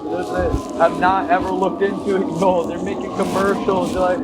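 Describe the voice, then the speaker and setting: High-voiced man ranting emphatically. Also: level tone, moderate pace, hardly any pauses. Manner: emphatic, repetitive, addresses viewers as y'all; conspiratorial ranting. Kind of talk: casual commentary. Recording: noisy background.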